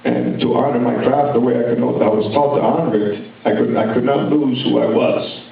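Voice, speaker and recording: Gravelly guy in his 50s rambling thru stories at a conference, far off mic, really echoey hall. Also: mid-range voice, fairly even intonation, fairly quick, a little hiss or hum. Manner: rambling, conversational storytelling with many restarts. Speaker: conference speaker, actor. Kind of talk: speech at a university conference. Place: large hall with audience. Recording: echoey hall, distant mic, dull sound.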